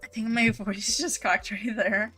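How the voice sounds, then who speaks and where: Soft music underlies a casual live-stream where a woman gamer reads chat messages. Her medium-pitched voice is fairly even, unhurried, a bit bright and slightly rough, and her chatty talk is filled with "um," "like," and easy laughs.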